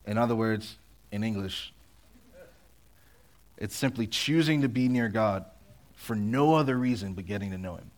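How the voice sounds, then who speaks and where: Man, youth pastor, low-pitched; loose, conversational preaching that slows for emphasis. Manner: chatty, fillers of "like" and "um", slows to stress points. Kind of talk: casual sermon.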